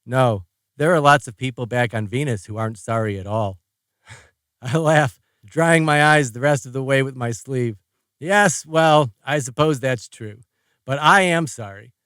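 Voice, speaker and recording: A man's voice: mid-range voice, unhurried, fairly bright tone, clean tone, no room sound, studio quality. A man narrating a first-person audiobook in a wry, rambling, conversational way.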